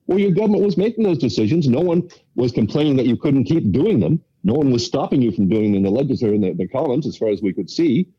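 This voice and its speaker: A man talks politics at a rapid clip, stacking emphatic points one after another. His voice is dark and mellow with a husky edge. The recording sounds dull and lo-fi, like a remote feed. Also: medium pitch, animated. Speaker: political panelist. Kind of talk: political commentary chat.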